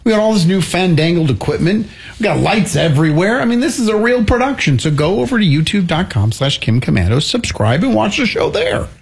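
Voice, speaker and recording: A man's voice: high voice, sing-song, brisk, creaky. A man co-hosting a radio show, chatting in an easygoing, joking way and telling stories. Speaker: co-host. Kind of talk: casual radio show chat.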